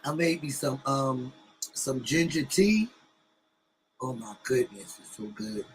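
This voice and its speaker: A man's voice: mid-range voice, expressive, slow pace, faint music behind, poor audio. A man co-hosting a casual live stream. He chats loosely with viewers and greets them by name. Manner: chatty, greets viewers, colloquial.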